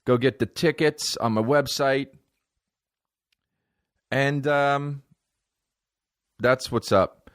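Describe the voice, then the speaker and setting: A man in his thirties hosting a podcast, riffing in a rambling, profane comedic monologue and mimicking people in high mocking voices. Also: fairly even intonation, very slow, long pauses, no echo, studio quality.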